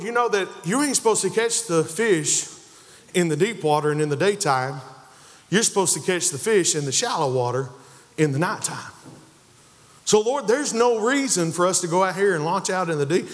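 A fairly high-voiced man preaches to a congregation, pressing each point with rising emphasis and slipping into the voices of the people in his story. His words ring out with a long reverb through the church sanctuary. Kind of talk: sermon.

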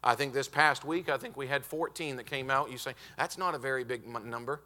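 A man preaching a revival sermon as a visiting preacher, emphatic and stretching out key words, building up to shouted peaks in a church auditorium. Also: mid-range voice. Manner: emphatic, building to shouted climaxes with drawn-out stresses; often says "hey, listen" to the congregation.

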